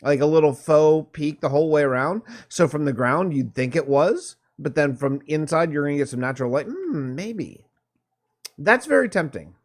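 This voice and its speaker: A man with a slightly high voice talks through his building game in casual commentary. He rambles and thinks out loud, circling back and restarting his phrases as he weighs each choice. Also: expressive, a little fast, hardly any pauses. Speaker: let's play host.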